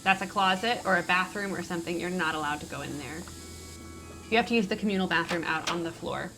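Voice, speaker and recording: A woman's voice: on the low side, fast, over music. A woman streamer giving chatty, jokey commentary while playing a mystery game. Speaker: let's play streamer. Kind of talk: casual gameplay commentary.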